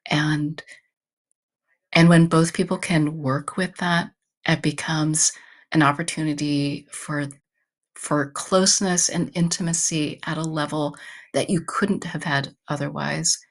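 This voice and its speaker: Guest, woman, low voice, measured and explanatory. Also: steady tone. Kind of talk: calm explanatory talk. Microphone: video call.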